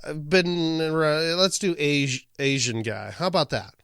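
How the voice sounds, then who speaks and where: Bright, crisp-voiced joking man. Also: on the high side, moderate pace, no room sound, clean studio sound. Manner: joking, playful. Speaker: podcast co-host. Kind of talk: casual chat.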